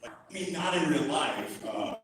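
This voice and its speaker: A young man doing an open mic stand-up set, animated, laughing at his own jokes and mimicking voices. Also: fairly high pitch, normal speed, a little hiss or hum. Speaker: stand-up comedian. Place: comedy club stage. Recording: roomy club sound from far off with loud crowd. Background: audience laughter.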